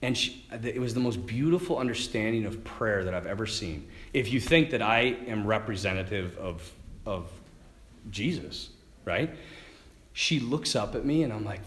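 A man who is a Catholic priest, giving a conversational homily full of stories, laughing often and swinging between loud and hushed. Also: lowish voice, expressive, moderate pace. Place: church. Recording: echoey church room.

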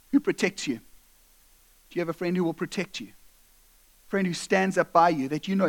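A male pastor preaching a sermon, telling stories animatedly and acting out the people in them. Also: on the high side. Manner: animated storytelling, acting out voices.

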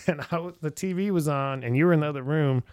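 A middle-aged man recalls old travels in a casual conversation with a friend in an indoor room, likely as a podcast guest or host. His fairly high voice runs a little fast, with clean studio sound and no echo. An animated storyteller, he acts out the voices of people he quotes and fills his speech with "like."

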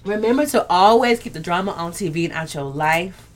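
A woman's voice: fairly low pitch, fairly quick. A woman hosting a casual live stream, talking candidly and earthily to her viewers. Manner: candid and earthy, swears, talks straight to viewers. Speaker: livestream host.

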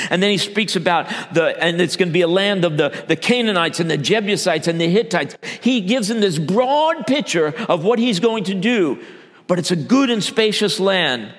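A man delivers a sermon as a church elder, his voice sitting a little high for a man. He moves between loud emphatic bursts and low, quiet asides. The long reverb of a large hall trails every phrase. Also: expressive, normal speed.

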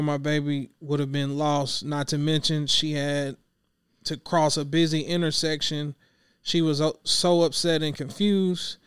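Man, podcast host, relaxed chat, slightly high, smooth clear voice, dry close sound. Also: no room sound. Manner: relaxed, conversational, with slangy asides.

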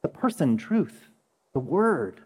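A young male pastor preaches in a relaxed, conversational way and slips into lively storytelling. His voice sits a little high and swings widely in pitch. It rings out with long reverb in a large hall. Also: takes it slowly, slightly rough. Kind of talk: sermon.

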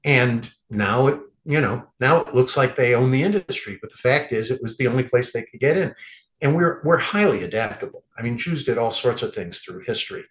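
A man, a rabbi, chatting as a podcast guest at a middling pitch. He tells stories wryly and slips into quoted voices with a chuckle. The recording sounds dull and lo-fi. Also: lively intonation, a little fast, a bit bright. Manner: wry, acts out quoted lines with chuckles. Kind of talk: conversational storytelling.

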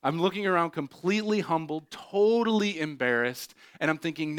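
Male pastor, 30s, lively self-mocking storyteller, slightly high voice. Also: normal speed, clean tone. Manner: animated, self-mocking storyteller with many fillers. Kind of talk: sermon with personal storytelling.

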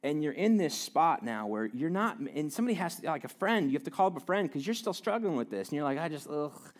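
A man's voice: on the high side, big pitch swings, quick pace. A young adult man preaching a sermon from a stage in a conversational, self-deprecating way, often restarting and repeating words. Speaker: pastor.

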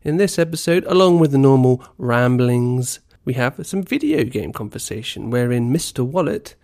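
A man's voice: mid-range voice, sing-song, normal speed, creaky, darkish tone. A man hosting a casual podcast, rambling and teasing his co-host, on a poor-quality home mic. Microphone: poor-quality home microphone.

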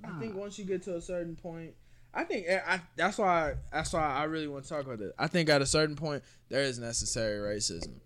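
A man's voice: a little high, brisk, fairly bright tone. A young man co-hosting a casual podcast chat, teasing the others and bringing up topics. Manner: teasing, raises topics, laughs. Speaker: podcast co-host.

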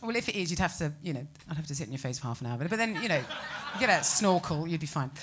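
A British woman performing a stand-up comedy set, ranting with incredulous, animated exclamations. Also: sits low, rapid-fire, noisy background. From Britain.

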